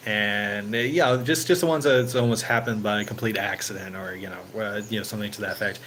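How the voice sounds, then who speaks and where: Brisk and steady in tone, a man with a low, somewhat bright voice hosts his own channel, and the rough recording carries slight background noise. He chats loosely with viewers, peppering his talk with "you know," and perks up when retelling stories.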